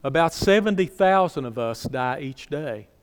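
A man preaching a sermon to his congregation in earnest tones, repeating phrases for emphasis and dropping soft and low at the ends of lines. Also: expressive, normal speed, smooth. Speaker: pastor. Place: church sanctuary. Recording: long hall reverb.

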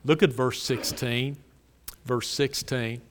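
Slow, emphatic preacher in a reverberant hall. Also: male voice, mid-range voice, steady tone. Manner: slow, emphatic preaching with swells and drops in volume. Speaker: pastor. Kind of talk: sermon.

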